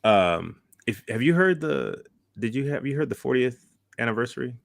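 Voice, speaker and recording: A man's voice: mid-range voice, big pitch swings, normal speed, gravelly, dry recording. A man co-hosting a live talk show, chatting casually, laughing often and restarting his sentences. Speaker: podcast co-host. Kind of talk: casual chat.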